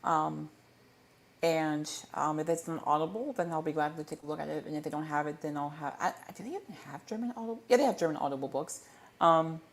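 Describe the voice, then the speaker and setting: A man's voice: a little high, a little fast. Stumbling, playful young-sounding man chatting live. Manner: stumbling, self-correcting, playful rambling. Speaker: livestream host. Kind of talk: casual livestream Q&A chat. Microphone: desk microphone.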